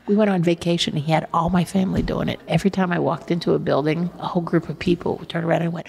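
A middle-aged woman co-hosting a podcast, chatting casually, telling animated stories and laughing often. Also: fairly low pitch, fast talker, creaky, hardly any pauses, husky. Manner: animated storyteller, acts out quotes, laughs often. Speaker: podcast co-host, beekeeper. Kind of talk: casual chat.

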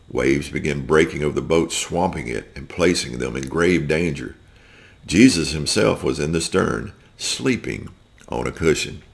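A man reading a scripture story aloud, slow and deliberate with occasional slips. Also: rumbling low, creaky. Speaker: scripture reader.

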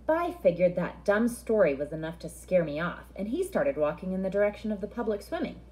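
A woman reading a children's novel aloud in a friendly, expressive storytelling manner. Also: medium pitch, brisk, hardly any pauses.

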